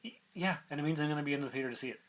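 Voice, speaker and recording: A man's voice: fairly high pitch, rapid-fire, fairly bright tone, rough recording. Man reading entertainment news on a podcast. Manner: reads entertainment news items aloud with side comments. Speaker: podcast co-host. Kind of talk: casual chat and reading news.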